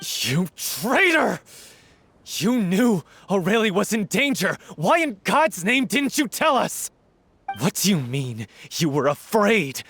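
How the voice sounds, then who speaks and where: Game role: grieving hothead, lively angry delivery. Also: male voice, high-pitched, unhurried, a little hiss or hum, heavily acted. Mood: furious. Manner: shouting, accusing, bitter. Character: grieving hot-headed male troupe actor. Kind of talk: game voice acting. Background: game music.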